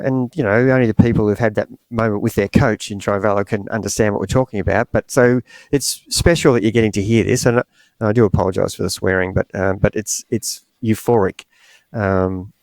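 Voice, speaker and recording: Speak as a middle-aged coach, low and unhurried, searching for words, in a dead-dry booth. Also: male voice, darkish tone, no echo. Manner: halting, emotional, many fillers. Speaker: coach and podcast host. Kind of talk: podcast conversation.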